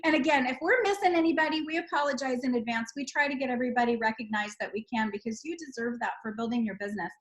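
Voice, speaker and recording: A woman hosting a team call, reading out names with bubbly excitement and frequent exclamations. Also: a little high, rapid-fire, few pauses, rough recording. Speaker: host of a team sales call. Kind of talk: upbeat recognition call.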